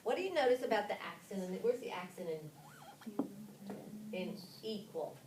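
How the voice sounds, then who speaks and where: A woman leading a phonics workshop for teachers, spelling letters out slowly with frequent ums and restarts. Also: medium pitch, sing-song. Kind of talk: classroom-style instruction to fellow teachers. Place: classroom. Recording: roomy, distant and noisy classroom recording.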